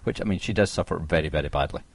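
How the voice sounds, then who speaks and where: A man's voice: extremely low pitch, rapid-fire, breathy edge, no echo. A man co-hosting a casual horror film podcast, retelling scenes with animation and acting out the characters' lines. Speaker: podcast co-host.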